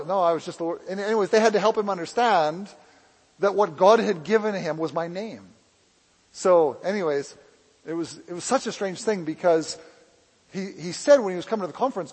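A man preaching and telling a personal testimony in a rambling, animated way, with a mixed, hard-to-place accent. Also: fairly high pitch, breathy edge, big-room sound, poor audio. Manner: rambling, self-interrupting, animated storytelling. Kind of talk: sermon testimony storytelling.

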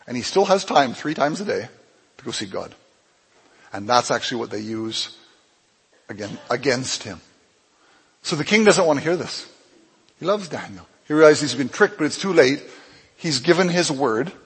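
Husky-voiced man preaching in a hall. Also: moderate pace, long pauses. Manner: animated storytelling, acts out dialogue with swings in pitch and loudness. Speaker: pastor. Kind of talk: sermon. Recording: long hall reverb.

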